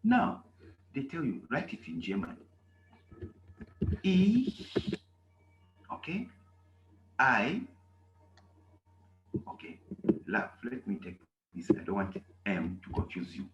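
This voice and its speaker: A man teaching a language class in a roomy, echoing space with a faint hiss behind him. He talks slowly and with a lively, swooping pitch, and he keeps checking in with his students. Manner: repetitive, emphatic, asks "okay?" often. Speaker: German teacher. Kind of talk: classroom lesson.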